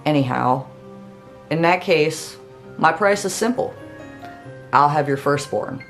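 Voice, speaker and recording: A woman's voice: sits low, lively intonation, takes it slowly, soft background music, heavily acted. A woman voicing a smug little male imp with a sly, drawling way of bargaining.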